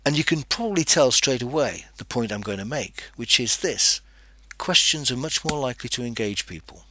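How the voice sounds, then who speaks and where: A man's voice: medium pitch, expressive, moderate pace, bright, forceful tone, dry recording. A man hosting a teaching podcast, explaining tips step by step and putting questions to the listener. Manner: instructive, poses questions to the listener. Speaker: podcast host.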